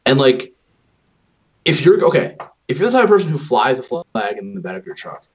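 A man's voice: medium pitch, big pitch swings, a little fast, husky. A man co-hosting a casual, profane podcast chat, rambling and swearing freely. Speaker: podcast co-host. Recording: dull lo-fi recording.

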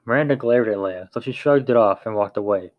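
A man's voice: lowish voice, brisk, dry recording, narrow, tinny audio. A man narrating a novel aloud in a plain reading voice with small slips and restarts.

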